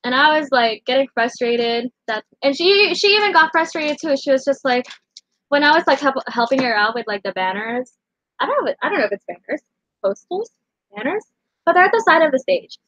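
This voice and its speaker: A woman's voice: sits high, lively intonation, a little fast, fairly bright tone, no echo, muffled recording. A young woman in her late teens rambling emotionally through a casual storytime vlog, full of fillers. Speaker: vlogger.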